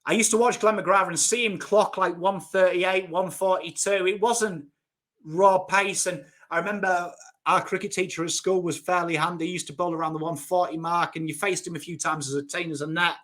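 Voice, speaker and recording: Yorkshire guy in his 30s raving about cricket heroes, fairly high voice, blunt, swears a bit. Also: fairly even intonation, normal speed, a bit bright. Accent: Yorkshire English. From Northern England. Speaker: cricket YouTuber. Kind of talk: casual chat.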